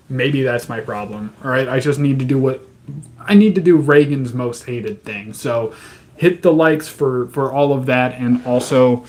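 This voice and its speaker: A man's voice: mid-range voice, a little mellow, slight background noise. Profane, ranting male streamer. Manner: angry but joking. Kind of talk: live-stream reading and ranting to chat.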